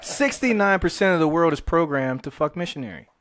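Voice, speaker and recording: A man's voice: a little high, a little fast, dry recording. Young man with a dry, close voice. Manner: animated, questioning, profane. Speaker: podcast co-host. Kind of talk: casual chat.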